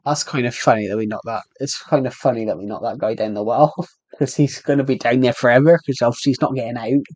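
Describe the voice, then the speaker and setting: A British man talks quickly in a slightly mellow, mid-range voice, rambling through a long gaming livestream as he chats loosely with viewers and mutters to himself about what he's doing. The recording is dry and close, with no room echo.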